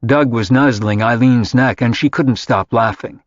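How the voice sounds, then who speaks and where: A man reading a contemporary novel aloud in scripted narration, measured and even. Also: mid-range voice, no room sound. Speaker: audiobook narrator. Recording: dry, slightly dull audiobook audio.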